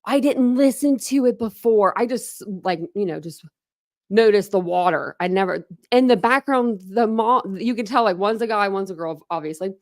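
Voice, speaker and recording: A woman's voice: mid-range voice, moderate pace, a little mellow, no echo. Woman rambling thru a livestream chat, says like a lot, mid voice, dead dry mic. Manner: rambling, heavy use of "like"; reads and answers viewer comments. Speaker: true crime channel host. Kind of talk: casual livestream chat with viewers.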